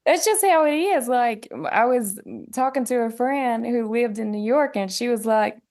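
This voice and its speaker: A woman from West Tennessee with a Southern twang, a musician telling stories in a relaxed interview chat, often quoting others in animated voices. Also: on the high side, normal speed. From West Tennessee, USA. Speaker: guest musician.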